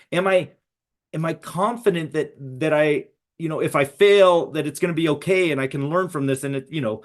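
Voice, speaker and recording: A middle-aged man presenting a live webinar to educators over a video call, talking conversationally and often checking in with "right?". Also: fairly high pitch.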